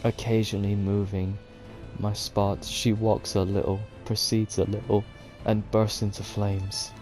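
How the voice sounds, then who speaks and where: A man reading a visual novel's text aloud at a measured pace while playing through it. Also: on the low side, little pitch movement, darkish tone, faint music behind. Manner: slow, measured reading of game text with occasional sworn reactions. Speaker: gaming video host.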